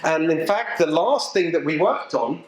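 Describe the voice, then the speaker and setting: A middle-aged man with an English accent giving an animated, emphatic talk to a local political group, joking with the audience as he goes. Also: on the high side, normal speed, noisy background. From England. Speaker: political speaker. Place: event venue with a live audience. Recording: echoey room.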